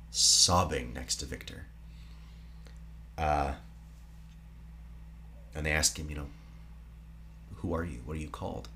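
Very deep-voiced man retelling a film. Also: slight background noise. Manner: retells the plot dramatically, trailing into soft low whispers. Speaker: podcast co-host. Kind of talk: casual film recap podcast.

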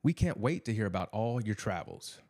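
A man doing a gentle, patient mother. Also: on the low side, very animated, moderate pace, vocal fry, heavily acted. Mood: welcoming.

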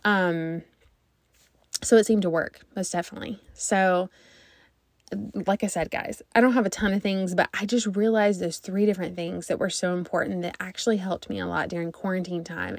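A woman's voice: fairly low pitch, fairly even intonation, moderate pace, vocal fry, no echo. A woman in her thirties, a mom vlogger chatting casually to her viewers, rambling and thinking aloud.

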